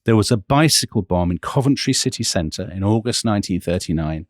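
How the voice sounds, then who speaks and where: Low-ish guy, really animated, telling history stories on a podcast, dry close mic. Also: brisk, dry recording. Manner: animated storytelling, emphatic. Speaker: podcast co-host.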